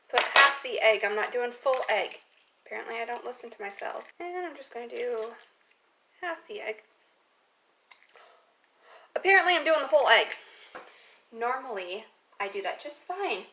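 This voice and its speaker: A young woman cooking vlogger walks through a recipe in her home kitchen, chatting casually, rambling, and making self-mocking asides. Her voice is fairly high, expressive, bright, and forceful, at a moderate pace. The kitchen audio is noisy.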